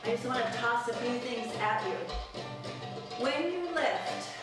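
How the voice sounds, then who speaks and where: A woman's voice: fairly high pitch, animated, measured pace. A woman teaching a live belly dance class, counting beats aloud and cueing each move with encouragement. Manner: encouraging and upbeat. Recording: very echoey room, mic far off. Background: music playing.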